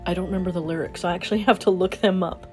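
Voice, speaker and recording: A woman hosting a casual morning podcast, bubbly and quick to laugh. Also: fairly even intonation, darkish tone, faint music behind. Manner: bubbly, laughs often, talks to her dog in a high baby voice. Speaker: podcast host.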